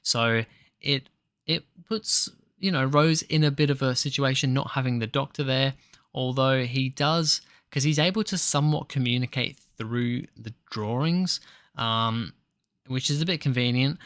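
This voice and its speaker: A man's voice: medium pitch, unhurried, a bit bright, no room sound, studio quality. A man giving a casual spoken review of a TV episode, rambling and hesitant, with frequent ums and restarts. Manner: hesitant, filler-heavy, rambling.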